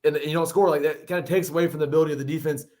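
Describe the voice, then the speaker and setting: Man, podcast guest, rapid-fire, slightly high voice, rambles and repeats himself. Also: steady tone, darkish tone. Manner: rambling, repeats words while thinking. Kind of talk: casual sports chat.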